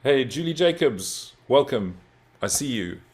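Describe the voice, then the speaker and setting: A man's voice: mid-range voice, sing-song, a little slow, a little mellow. A man co-hosting an online webinar in a casual, jokey manner, chuckling often as he greets attendees over a video call. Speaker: webinar co-host. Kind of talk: casual online meeting chat.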